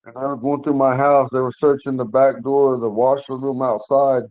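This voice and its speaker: A slightly hoarse man in his forties tells a personal story over a dull, dry video call. He talks casually and rambles, restarting sentences and clearing his throat often. His voice sits at an ordinary middle pitch. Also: level tone, moderate pace, dry recording. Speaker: language class member telling a story.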